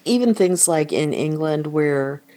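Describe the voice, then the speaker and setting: A woman's voice: low-pitched, animated, measured pace, mellow. A woman co-hosting a casual book discussion, retelling scenes animatedly and reading passages aloud.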